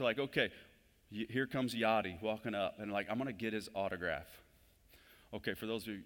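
A pastor giving a conversational sermon in a church. His delivery swells louder and higher whenever he stresses a point. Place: church sanctuary. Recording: long hall reverb.

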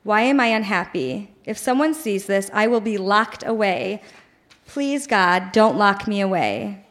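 A woman's voice: medium pitch, lively intonation, a little slow, a bit bright. A woman in her late twenties or thirties reading her old teenage journal entries aloud on stage in a dramatic, mock-whiny voice. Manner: dramatic, mock-whiny teen voice, laughing audience. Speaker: live storyteller reading her teen diary. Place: live bar venue with audience.

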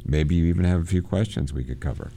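A man hosting a radio book program, reading passages aloud and explaining them with halting repeats. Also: low voice, dark tone, slight background noise. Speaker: radio show host.

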